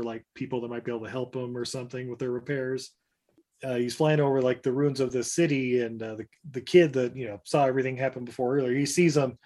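A man's voice: mid-range voice, a little mellow. Laughing man retelling a show. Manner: loose and laughing, lots of fillers. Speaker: podcast co-host recapping a TV episode. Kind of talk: casual chat, retelling scenes with playful mock voices.

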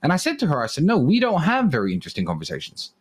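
A man's voice: a little high, wildly swooping pitch, racing, breathy edge. A man co-hosting a livestream, telling rambling stories in casual chat and swearing freely. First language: English. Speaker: livestream co-host.

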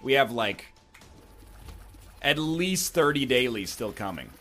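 A man's voice: medium pitch, very animated, takes it slowly, pushed and bright. Wry rambling man commenting on gameplay. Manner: wry, meandering, jokey asides.

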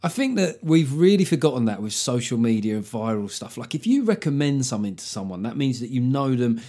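Sweary comedian hosting a podcast. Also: male voice, mid-range voice, fairly quick. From London. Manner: sweary, joking, lively storytelling. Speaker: podcast host and stand-up comedian. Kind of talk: solo podcast monologue.

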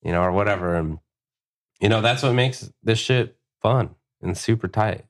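A man, a tattoo artist, chatting casually on a podcast with profane, animated storytelling. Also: on the low side, normal speed.

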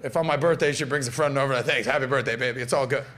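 A man's voice: mid-range voice, fairly even intonation, rapid-fire, fairly bright tone, a little hiss or hum. A man around forty hosting a podcast, brash, joking and profane in casual chat. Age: late 30s to early 40s. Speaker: podcast host.

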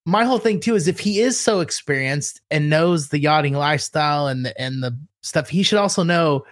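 SoCal co-host, young man, easygoing rambler, slightly high voice, dry close mic. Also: animated, a little fast, dry recording. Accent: Southern Californian. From Southern California. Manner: laid-back, rambling, with fillers and laughs. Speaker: podcast co-host. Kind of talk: casual chat.

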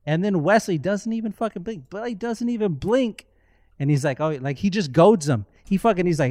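A man co-hosting a podcast, telling stories excitedly and swearing freely in casual chat. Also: sits high, normal speed, no echo, clean studio sound. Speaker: podcast co-host.

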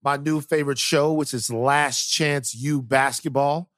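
Animated male podcast host, dry sound. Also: mid-range voice, unhurried, dry recording. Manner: animated, repeats words, voice drops for a serious story. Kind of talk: casual chat and storytelling.

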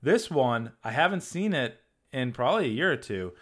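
A man in his thirties with a Massachusetts accent, a podcast guest on a video call who tells loose, animated stories and swears freely. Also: medium pitch, normal speed. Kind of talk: casual podcast chat.

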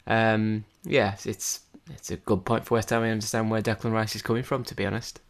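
A man's voice: on the low side, level tone, a little fast. A man co-hosting a football podcast in loose, chatty talk with frequent restarts. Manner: rambling, many restarts and fillers. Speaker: podcast co-host. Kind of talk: casual football chat.

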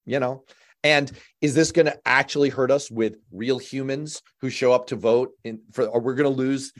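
A man hosting a political talk show, leading the discussion in a wry, animated way. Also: medium pitch, normal speed. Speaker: host.

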